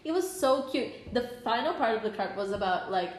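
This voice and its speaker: A young woman telling stories in a casual chat, animated, laughing often and swearing. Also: fairly high pitch, moderate pace, roomy sound.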